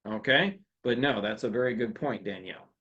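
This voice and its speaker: A man giving a live seminar on workplace rules, animated and often turning questions back to his audience. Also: mid-range voice, brisk, muffled recording. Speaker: workplace law and HR seminar speaker.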